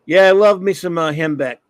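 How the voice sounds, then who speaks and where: A man's voice: fairly high pitch, no echo, rough recording. A man hosting a casual comics talk stream, chatting and reading viewer comments aloud. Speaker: comics talk show host. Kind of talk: casual livestream chat.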